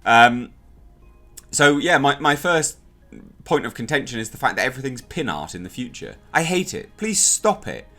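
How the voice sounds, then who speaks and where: A man's voice: mid-range voice, animated, normal speed, sharp tone, faint music behind. Exasperated man ranting. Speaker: TV episode reviewer. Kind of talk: casual spoken review.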